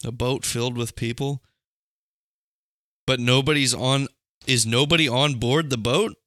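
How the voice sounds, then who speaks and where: A man's voice: medium pitch, steady tone, measured pace, a bit bright, no room sound, clean studio sound. A young man from Alabama, a podcast co-host who jokes and thinks aloud while guessing. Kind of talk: casual podcast chat.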